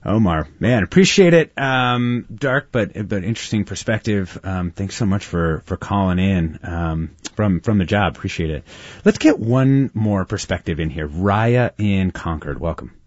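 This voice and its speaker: A man's voice: low-pitched, a little slow, no echo, highs cut off. A man hosting a call-in radio show, welcoming callers and responding briefly and hesitantly. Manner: friendly, brief acknowledgments, hesitant. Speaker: radio host.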